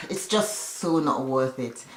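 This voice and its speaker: A woman's voice: rumbling low, slow, a bit bright. A woman giving a casual, chatty recap of a reality show, with opinionated asides along the way. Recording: echoey room.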